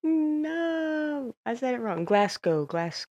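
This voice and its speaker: A woman's voice: high-pitched, big pitch swings, slow pace, a little mellow, lo-fi sound. Playful woman podcast host. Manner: playful, self-mocking. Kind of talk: scripted podcast outro and blooper chat.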